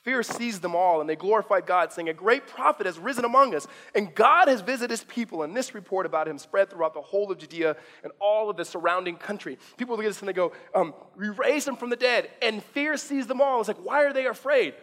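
A man with a high, light voice preaches to his church, casual and animated, doubling back on his words as he talks. His voice carries a long reverb from a large hall. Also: fast talker, few pauses. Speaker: pastor. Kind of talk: sermon.

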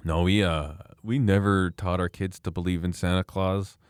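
A middle-aged podcast co-host chats casually, telling animated stories with lots of laughter. His low-pitched voice moves at normal speed, clean in tone, in studio quality with no echo.

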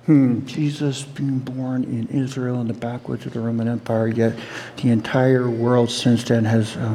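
A middle-aged man preaching a sermon, animated, asking the audience questions and laughing along with them. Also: mid-range voice.

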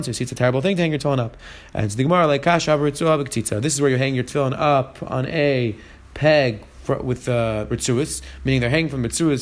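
A man teaching a Talmud class, translating phrase by phrase as he goes. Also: medium pitch. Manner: translating each phrase and mixing in Hebrew and Aramaic terms.

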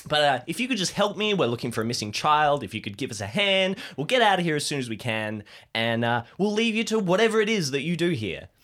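A man voicing Alistair, an overeager, pushy middle-aged man who talks loudly and high. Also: very animated, fast talker, few pauses. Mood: eager. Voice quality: loud, overeager, pitch jumping high.

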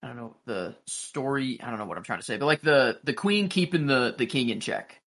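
A man's voice: medium pitch, lively intonation, a little fast, a bit bright. A man co-hosting a podcast, chatting casually and rambling about a TV episode, full of "like" and restarts, swearing freely. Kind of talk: casual chat recapping a TV episode.

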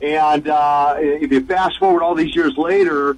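A man's voice: on the high side, fairly even intonation, measured pace, slight background noise, low-quality recording. A man in his sixties, a former wrestler and minister, speaking as a guest in a radio interview, earnest and eager, with many restarts and long lists.

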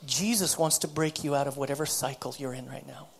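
A woman's voice: a bass voice, a little fast, gravelly, husky. A woman preacher giving a sermon, earnest and storytelling, often repeating words as she goes.

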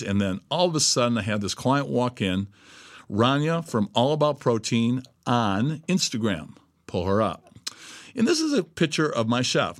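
A man's voice: medium pitch, no room sound, clean studio sound. A middle-aged man giving a profane motivational monologue, blunt and emphatic, swearing constantly. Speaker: host.

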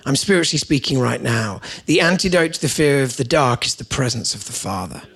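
A man's voice: medium pitch, fairly quick, creaky, breathy edge. A man, preaching as a guest pastor and telling stories with playful asides. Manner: storytelling, playful asides, lively voices for his children. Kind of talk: sermon. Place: church.

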